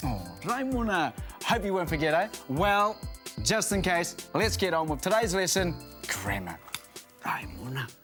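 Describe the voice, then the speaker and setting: Playful male co-host of a language show, New Zealand accent, fairly high voice with a very lively pitch. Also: unhurried, over music. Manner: playful, joking. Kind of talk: lively language lesson presenting.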